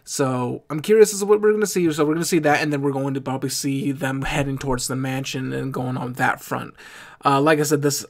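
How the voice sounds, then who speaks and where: A young man talks his way through an anime reaction video in a loose, casual ramble. His voice has a gravelly, fried edge and sits at an ordinary middle pitch. He often stops, restarts and fixes his own words as he thinks out loud. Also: steady tone, brisk. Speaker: anime reaction channel host.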